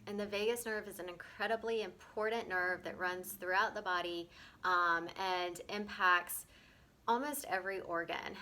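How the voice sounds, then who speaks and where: A woman leads a gentle breathwork lesson in a bright, slightly low voice. She explains patiently, repeats herself and checks in often. A faint background hum sits under her speech. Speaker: breathwork teacher.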